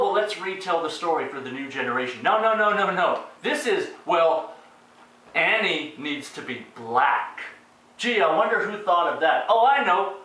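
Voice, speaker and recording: Sarcastic high-voiced man ranting, echoey room. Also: sharp tone. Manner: sarcastic, profane, exasperated. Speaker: retro movie reviewer. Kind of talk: casual ranting review. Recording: very echoey room, distant mic.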